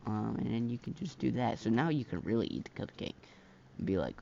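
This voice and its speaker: A man's voice: mid-range voice, lively intonation, brisk, vocal fry, mellow, a little hiss or hum. A man giving casual gameplay commentary as a mod reviewer, rambling with many fillers and slang, recorded on a dull lo-fi mic.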